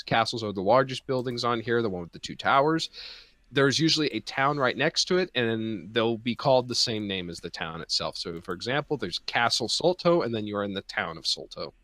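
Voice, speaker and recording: A young man running a tabletop role-playing game, narrating with lively energy and frequent laughter. His voice sits at a middle male pitch. It comes through an online video call. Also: dry recording. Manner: lively, laughing, quick asides. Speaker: game master.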